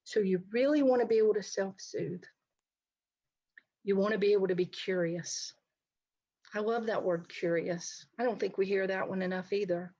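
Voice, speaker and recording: A woman's voice: medium pitch, moderate pace, mellow, highs cut off. A middle-aged woman counselor giving an online talk, speaking conversationally and addressing her listeners directly. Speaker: licensed counselor presenting a talk. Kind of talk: online presentation to a society.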